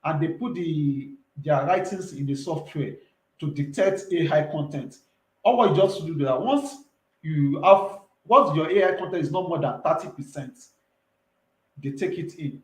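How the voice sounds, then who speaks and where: Man, thirties, emphatic, repeats points, slightly high voice. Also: normal speed, roomy sound, rough recording. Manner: earnest, emphatic, repeats himself. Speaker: entrepreneur guest. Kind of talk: casual interview talk.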